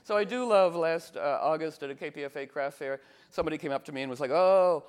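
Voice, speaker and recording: A man with a slightly higher voice gives a loose, informal spiritual talk. He tells playful stories and slips into acting out the people he quotes. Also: fast. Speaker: spiritual teacher.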